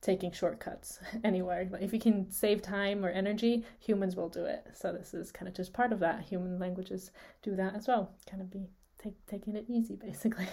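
With a dark, mid-range voice, a woman whose native language is Swiss German co-hosts a casual podcast lesson on speech sounds. She explains how consonants are produced, voices the sounds herself, and frequently laughs.

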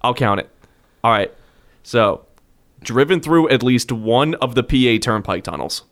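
A man co-hosting a casual sports podcast, running a quiz and reading the scores out slowly. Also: medium pitch, lively intonation, a bit bright. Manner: runs a quiz, reads out scores and ranks slowly. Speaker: podcast co-host. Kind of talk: casual chat.

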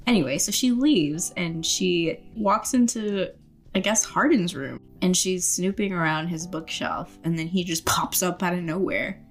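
A woman's voice: lowish voice, a little slow, faint music behind. A woman co-hosting a podcast, casually recapping a movie with frequent giggles and quoted lines. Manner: giggly, quotes characters in put-on voices. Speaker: podcast co-host.

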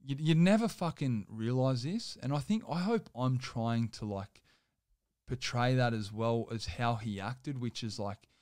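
A man's voice: mid-range voice, measured pace, darkish tone, no room sound, clean studio sound. A young man, telling a personal story as a guest in loose, rambling casual talk full of swearing and filler words.

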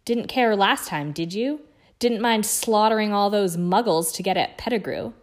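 A woman reading aloud voices a furious thirteen-year-old boy wizard who spits taunts and shouts. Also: high voice, moderate pace, lightly acted. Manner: angry, spitting taunts, shouting.

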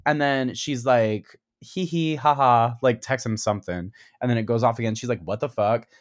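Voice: medium pitch, normal speed, no echo, studio quality. A speaker in casual podcast chat, recapping a horror scene with lots of swearing and acted-out lines and screams. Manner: animated, swearing, acting out screams and quotes.

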